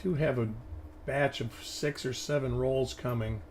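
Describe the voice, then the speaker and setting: A man's voice: medium pitch, fairly even intonation, a little slow, darkish tone, a little hiss or hum. A male host giving casual live-stream commentary, thinking aloud and rambling as he examines coins. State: hiccups.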